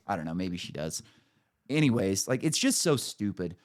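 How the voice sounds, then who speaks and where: A man's voice: low voice, very animated, moderate pace. A middle-aged man hosting a podcast, talking in crude, mocking casual chat. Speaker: podcast host.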